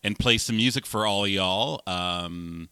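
A man's voice: on the low side, measured pace, bright, forceful tone, clear, resonant tone, no echo, studio quality. A man co-hosting a live music stream, joking and laughing as he greets viewers in a casual chat. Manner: jokey, laughs often, chimes in with greetings.

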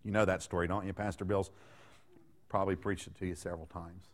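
A man's voice: low-pitched, little pitch movement, fast. A middle-aged man preaching a sermon in a conversational way, joking and putting rhetorical questions to the congregation. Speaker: guest preacher.

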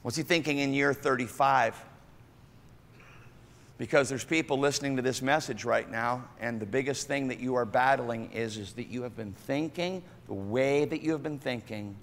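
A male pastor preaching a sermon, animated, acting out the voices of other people and swinging from loud outbursts to hushed asides. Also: medium pitch, moderate pace, vocal fry, long reverb tail.

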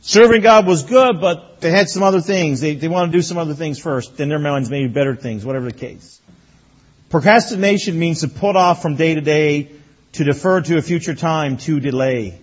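A man preaching a sermon as pastor, telling folksy personal stories in an animated way. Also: a little high, normal speed, dull audio. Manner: folksy storytelling, animated when recounting.

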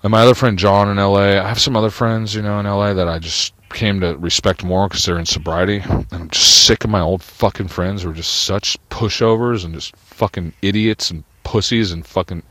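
A man's voice: lowish voice, steady tone, a little fast, few pauses, fairly bright tone, no room sound. A man rambling through an agitated, profane, paranoid personal monologue.

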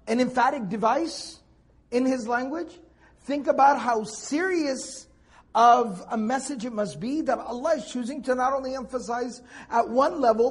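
A man's voice: very high-pitched, husky. A man teaching a Quran tafsir lecture, explaining step by step and repeating key points for emphasis.

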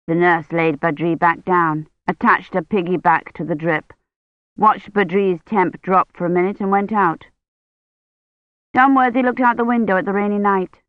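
An audiobook narrator reading a novel in a measured, even way. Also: medium pitch, no room sound. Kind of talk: scripted narration. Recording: dull lo-fi dry studio audio.

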